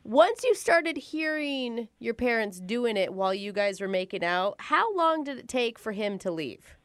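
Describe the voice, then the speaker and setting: Lively, expressive female radio co-host. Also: fairly high pitch, a little slow, no room sound. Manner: expressive, laughing, sympathetic teasing. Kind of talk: joking radio call-in banter.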